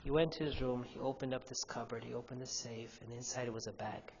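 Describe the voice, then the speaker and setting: A man's voice: medium pitch, steady tone, fast, a little mellow. A male imam giving a youth sermon in a mosque hall. He tells a story with animation and asks the audience questions. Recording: dull, echoey hall recording with faint hum.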